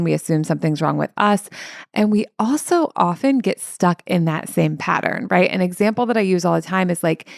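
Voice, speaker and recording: A woman in her thirties, a career coach hosting her own podcast, talking in a relaxed, chatty way with lots of "like"s. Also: lowish voice, gravelly, no echo, clean studio sound. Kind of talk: casual podcast monologue.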